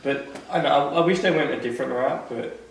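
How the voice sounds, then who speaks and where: A man's voice: mid-range voice, fast talker, slight background noise. A man with an Australian accent, co-hosting a casual podcast chat and rambling with lots of likes and restarts. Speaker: podcast co-host. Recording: roomy echo, distant mic.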